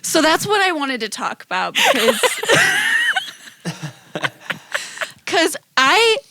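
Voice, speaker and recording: A woman co-hosting a podcast, telling stories in an animated, expressive casual chat. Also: very high-pitched, slow, vocal fry, heavy background noise. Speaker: podcast co-host.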